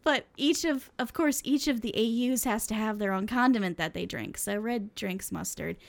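A woman's voice: mid-range voice, normal speed, vocal fry. A young woman co-hosting a casual chat, reading fan fiction aloud with frequent laughs and fillers. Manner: giggly, chatty, lots of fillers.

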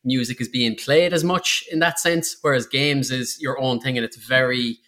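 A man joins a podcast chat with a bright, clear tone. He muses loosely, thinking out loud at an easy pace. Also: mid-range voice, steady tone, moderate pace. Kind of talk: casual chat.

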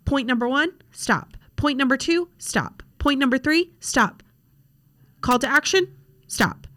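A young social media coach hosts her podcast at a home desk with a laptop, speaking casually and bluntly with lots of fillers. Her voice sits high and sounds fairly bright, animated yet unhurried.

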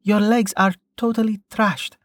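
A woman's voice: medium pitch, flat delivery, a little slow, no room sound, clean studio sound, pitched above the performer's own voice, close to an everyday voice. A male narrator voicing a caring young woman healer who scolds bluntly. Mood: chiding.

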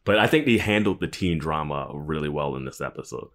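A man's voice: extremely low pitch, fairly quick. A man co-hosting a podcast, chatting casually about a TV episode and laughing easily. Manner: laughs easily, lively delivery. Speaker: podcast co-host.

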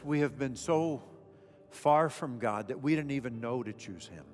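A man's voice: medium pitch, measured pace. Man preaching in a reverberant hall. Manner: dramatic swings from loud emphasis to hushed. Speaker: pastor. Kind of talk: sermon. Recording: echoey hall with faint music.

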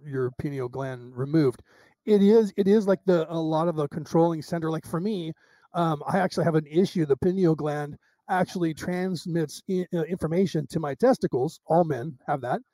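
A middle-aged man with a high, dark-toned voice tells anecdotes in a relaxed interview and acts out every line of dialogue with plenty of restarts. The sound is dry and close. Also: normal speed, no echo. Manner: animated storyteller acting out quoted dialogue, with restarts. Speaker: psychic medium guest. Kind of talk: casual interview storytelling.

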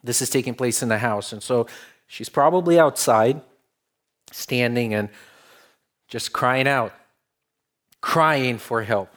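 A man's voice: mid-range voice, slow pace, pauses often, fairly bright tone. A man preaching a sermon in a conversational way, building to emphatic stretches. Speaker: pastor.

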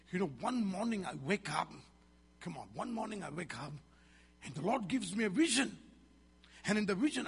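A man's voice: high voice, creaky, fairly bright tone, breathy edge. A Malaysian man in his fifties, a pastor preaching a sermon with a Malaysian English accent, emphatic and calling out questions to the congregation. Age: 50s. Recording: reverberant hall.

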